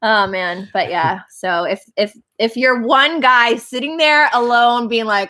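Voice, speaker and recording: A woman's voice: a little high, unhurried, few pauses, sharp tone. A woman telling a story in a casual livestream chat, full of fillers. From Canada. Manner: chatty storyteller, many "like" fillers. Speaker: band member hosting a livestream chat.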